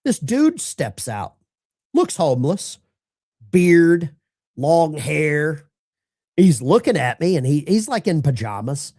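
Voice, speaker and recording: Guy from alabama hosting call-in radio, rambly folksy storyteller, pitch jumps all over. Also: sing-song, takes it slowly, darkish tone. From Alabama, USA. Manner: rambling, folksy, with self-interruptions. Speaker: talk show host. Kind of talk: casual storytelling on a call-in show.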